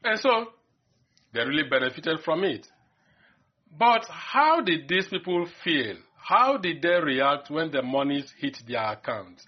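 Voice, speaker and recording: A man narrating a news segment as reporter, with a lively, expressive delivery. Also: fairly high pitch, measured pace, highs cut off. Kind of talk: broadcast narration.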